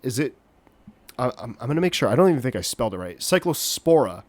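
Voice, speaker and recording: A podcast host getting over a cold hosts a solo show, sounding congested and nasally. His medium-pitched voice is sing-song and quick, with no echo, as he rambles and makes self-deprecating jokes.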